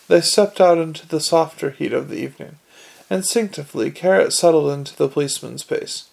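Gravelly man reading a novel aloud. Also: a little high, brisk, darkish tone. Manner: occasional slips and self-corrections. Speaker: narrator.

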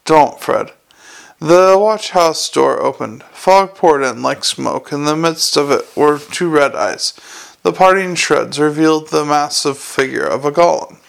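A male audiobook narrator reading a story in an even, measured way. His voice is gravelly and a touch high.

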